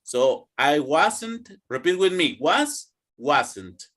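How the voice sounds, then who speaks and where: Male English teacher, young, higher voice, slow and animated drilling delivery. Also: over a noisy crowd. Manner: slow, drawn-out teaching with repeat-after-me drills. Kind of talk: online classroom lesson.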